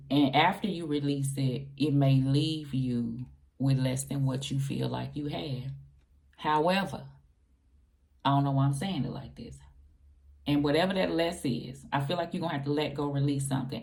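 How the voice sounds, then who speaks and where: Low gravelly woman reading tarot. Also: warm tone, slight background noise. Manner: loose and conversational, repeats herself, uses slang. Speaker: tarot reader. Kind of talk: casual tarot reading to camera.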